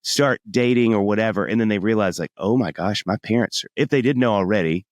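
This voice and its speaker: A middle-aged man chatting as a podcast guest, an animated storyteller who acts out little voices in his anecdotes. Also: lowish voice, a little fast, dry recording, studio quality. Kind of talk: casual chat.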